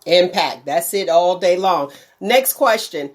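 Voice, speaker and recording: A woman's voice: on the low side, animated, slow pace. A woman hosting a talk show, asking questions in a playful, joking way. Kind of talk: casual chat.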